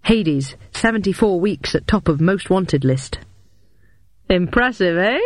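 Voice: mid-range voice, lively intonation, a little slow, dry recording. A narrator voicing a pompous, theatrical male master criminal who savours each wicked word. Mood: boastful. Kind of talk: audiobook character voice.

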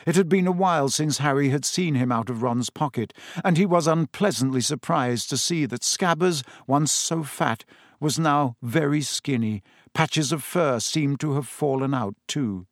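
A man's voice: mid-range voice, moderate pace, no echo. Man narrating an audiobook, dry sound.

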